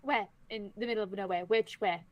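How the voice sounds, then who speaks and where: A woman player trading teasing, quick in-character banter at a tabletop game. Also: medium pitch, steady tone, dull audio.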